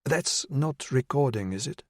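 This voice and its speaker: A male audiobook narrator voicing a nervous woman psychiatrist in her late forties, speaking in a hesitant, measured way. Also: mid-range voice, animated, no echo, clean studio sound, pitched above the performer's own voice. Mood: guarded.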